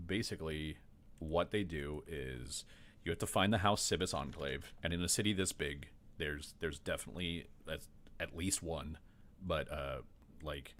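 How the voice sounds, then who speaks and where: A man narrating as game master in a rambling, halting way with many fillers. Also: low voice, fairly bright tone.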